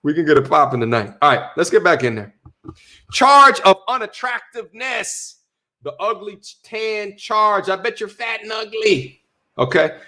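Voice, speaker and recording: A young man hosting a casual livestream, reading viewer chat aloud with slangy shout-outs and repeating his points. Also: sits high, animated, moderate pace. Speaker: livestream host.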